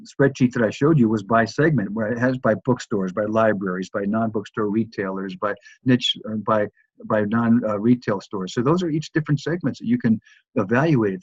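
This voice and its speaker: A man's voice: mid-range voice, darkish tone, breathy edge, no room sound, lo-fi sound. A man teaching a recorded course, talking loosely with many restarts and repeated words. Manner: loose, repetitive delivery with frequent restarts. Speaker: course instructor.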